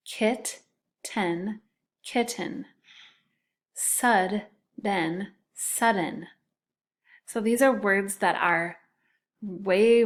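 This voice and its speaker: A woman teaching a recorded phonics lesson to second graders, sounding words out syllable by syllable in a clear, deliberate way. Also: medium pitch.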